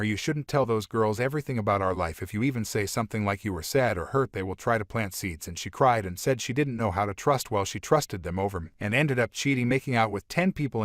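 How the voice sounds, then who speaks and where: A man reading aloud a first-person relationship story from an online forum in a steady, plain manner. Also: on the low side, no room sound, clean studio sound. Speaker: story narrator.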